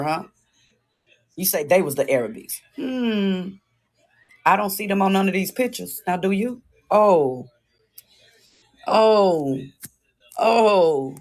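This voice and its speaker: Livestream host, woman, taunting profane rant into a phone, voice neither high nor low.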